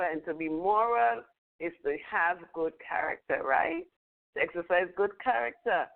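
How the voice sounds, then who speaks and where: Older woman, rambling storyteller with a chuckle; phone-quality audio. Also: on the low side. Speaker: spiritual teacher. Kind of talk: casual teaching talk. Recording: tinny phone-line audio.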